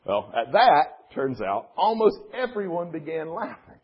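A man preaches a sermon as a pastor, earnest and emphatic as he tells a story. His voice is husky and slightly high, with lively, animated pitch. The recording sounds dull and lo-fi. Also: unhurried.

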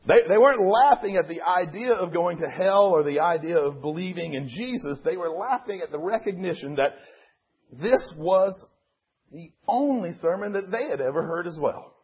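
A man's voice: sits high, expressive, moderate pace, husky, muffled recording. A man giving a sermon as a pastor, telling a story in an earnest, emphatic way.

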